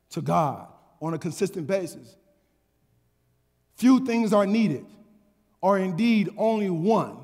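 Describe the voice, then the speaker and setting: High-voiced preacher in a reverberant hall. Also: male voice. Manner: storytelling with call and response, repeats words, rising to shouts. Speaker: pastor. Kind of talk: sermon.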